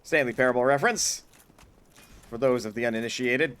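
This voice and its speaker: A man's voice: medium pitch, a little fast, fairly bright tone, clear, resonant tone. A man streaming a hard game, chatting casually, swearing often and breaking into mock-grand speeches. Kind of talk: casual gameplay commentary.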